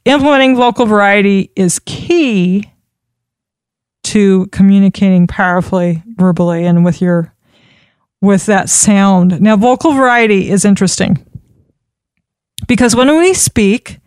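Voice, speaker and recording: Smooth-voiced woman teaching speaking skills. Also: a little slow, long pauses, no room sound, studio quality. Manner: expressive, demonstrates pitch changes while teaching. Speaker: speaking coach. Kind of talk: instructional talk on public speaking.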